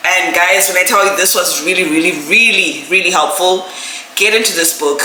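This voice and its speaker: A woman's voice: on the low side, normal speed, pushed and bright. A young woman vlogger, emotional and gushing with thanks as she unboxes gifts. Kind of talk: casual vlog unboxing. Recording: echoey room with noise.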